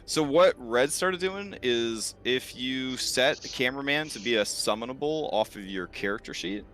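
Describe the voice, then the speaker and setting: A man acting as game master, narrating a tabletop game in a relaxed way with many fillers. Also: medium pitch, moderate pace, soft background music.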